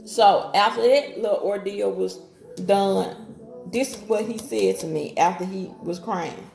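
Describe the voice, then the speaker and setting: Brief: woman storyteller, gravelly voice, casual and direct, echoey room. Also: mid-range voice, fairly even intonation, unhurried, darkish tone. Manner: talks straight to viewers with Southern-style slang, quotes others in her own voice.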